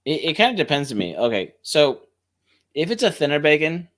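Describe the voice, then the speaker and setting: A man's voice: a little high, sing-song, brisk, fairly bright tone. A male co-host rambling in casual chat and making self-deprecating jokes.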